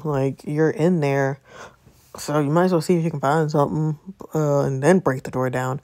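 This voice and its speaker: A woman streamer talks through a story game in a relaxed, conversational way. Her voice sits a little low for a woman, and she reacts aloud as she goes. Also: moderate pace. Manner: chatty, reacts aloud, mixes in story dialogue. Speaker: gameplay streamer. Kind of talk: casual let's-play commentary, reading characters aloud.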